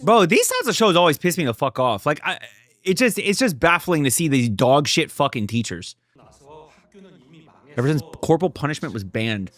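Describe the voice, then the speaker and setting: A young reaction video creator swears through a heated reaction, swinging between loud outbursts and low muttering in casual commentary. He is profane and emphatic, very animated, at a moderate pace, with no echo.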